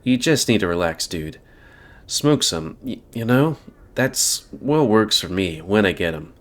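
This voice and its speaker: A man's voice: on the low side, lively intonation, a little slow, a bit bright. A man voicing a laid-back young male stoner animal in a visual novel, lackadaisical and casual. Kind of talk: reading a visual novel aloud.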